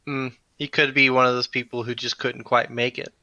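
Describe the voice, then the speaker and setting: A man playing a tabletop role-playing game, talking in a loose, hesitant way and narrating his character's moves. His voice is bright and clean. The sound is dry and slightly lo-fi. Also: medium pitch, little pitch movement, brisk, no echo. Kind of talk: casual tabletop game chat.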